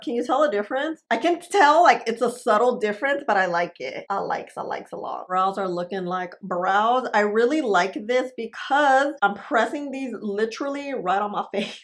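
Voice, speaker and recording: A woman's voice: on the high side, moderate pace, hardly any pauses. Bubbly chatty woman vlogger. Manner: bubbly, chatty, talks to viewers as family. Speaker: beauty vlogger. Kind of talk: casual makeup tutorial chat.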